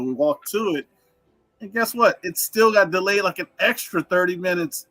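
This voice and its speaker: A man's voice: fairly high pitch, sharp tone, dry recording, low-quality recording. A man co-hosting a live stream, telling a story in an easygoing way and laughing often.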